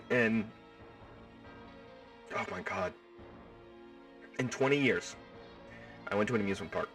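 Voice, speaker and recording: A man hosting a livestream, chatting casually with his viewers in an excitable, rambling way and riffing on the same joke over and over, his voice stuffed up and hoarse. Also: medium pitch, far from the mic. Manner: excitable, rambling, riffs and repeats himself. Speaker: livestream host. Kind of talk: casual chat with live viewers.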